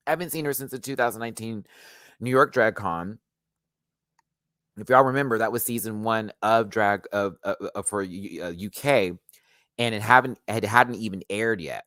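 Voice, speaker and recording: A man rants to his viewers in a loose, chatty storytelling voice at a middle pitch. He throws himself into quoting others, leaping up high for their lines. The sound is dry and close, with no room around it. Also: fairly quick, no room sound. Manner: animated, acts out quotes with big pitch jumps. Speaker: YouTube host. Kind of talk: casual storytelling rant.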